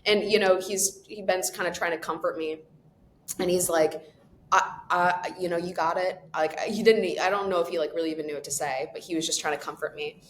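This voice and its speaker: A woman who creates a podcast answers interview questions in an animated, expressive way and laughs often. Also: lowish voice, brisk, a little hiss or hum. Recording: echoey room.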